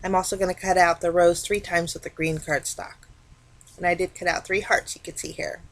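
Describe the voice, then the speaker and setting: A woman talking casually through a card-making tutorial, explaining each step in a relaxed, chatty way. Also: on the low side, brisk. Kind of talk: casual craft tutorial narration.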